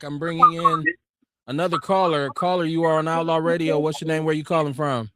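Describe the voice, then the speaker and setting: A man's voice: fairly high pitch, fairly even intonation, brisk, pushed and bright, no echo. A man from Milwaukee hosting a call-in show, talking politics casually and outspokenly with emphatic, direct delivery. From Milwaukee, Wisconsin, USA.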